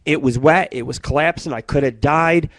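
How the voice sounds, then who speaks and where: Profane rambling man, higher voice. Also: normal speed, no room sound. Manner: excitable, jumps between loud outbursts and muttering. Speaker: internet radio show host. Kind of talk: rambling live-stream monologue.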